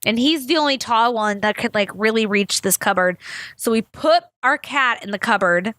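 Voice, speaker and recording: A woman's voice: a little high, normal speed, a bit bright, no echo. A young woman hosting a podcast, telling stories in a chatty, rambling way, swearing freely and acting out the people she quotes. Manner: acts out quoted people in big voices. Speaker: podcast host. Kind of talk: casual storytelling chat.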